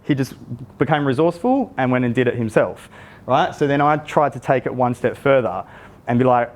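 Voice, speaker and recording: A man's voice: medium pitch, a little fast. Chatty man running a parents' workshop. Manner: conversational, checks in with "right?" often. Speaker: youth football coach presenting to parents. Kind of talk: interactive workshop talk.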